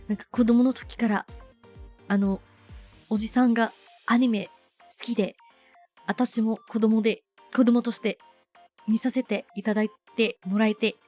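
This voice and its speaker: A woman livestreamer in casual chat, bubbly and animated, with many fillers, switching between English and Japanese. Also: a little high. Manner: bubbly, animated, self-deprecating.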